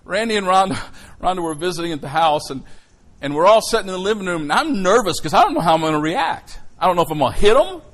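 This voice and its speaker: A middle-aged male preacher tells a story from the pulpit with a fairly high voice. He swings from near-whispers to loud outbursts to stir his congregation. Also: quick pace, few pauses, rough recording. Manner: animated storytelling, swinging from hushed to shouting. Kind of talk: sermon with personal story.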